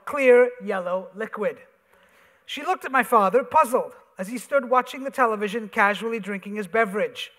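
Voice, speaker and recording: A man, an author, reading his comic essay aloud on a theater stage with wry, animated storytelling. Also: high-pitched, normal speed. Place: theater stage before an audience. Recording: reverberant theater hall.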